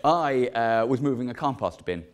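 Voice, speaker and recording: A man's voice: medium pitch, lively intonation, moderate pace. A man in his forties doing a stand-up routine, telling a wry, self-mocking story with sweary punchlines. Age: 40s. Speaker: stand-up comedian.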